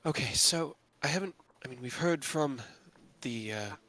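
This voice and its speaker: A woman's voice: a bass voice, expressive, normal speed, a bit bright, pitched above the performer's own voice. Young female guildmaster, hesitant and earnest, voiced by a male game master. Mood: anxious. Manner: hesitant, stammering.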